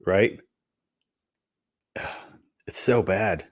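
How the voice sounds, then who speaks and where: A man's voice: sits low, drawn-out words. A man co-hosting a casual podcast chat, laid-back and wry, sighing now and then. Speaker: podcast co-host.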